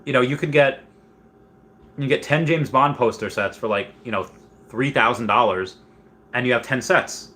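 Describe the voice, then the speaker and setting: A man hosting a casual livestream who rambles on, reads viewer comments aloud and breaks into loud, excited bursts. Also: medium pitch, normal speed, pauses often. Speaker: livestream host.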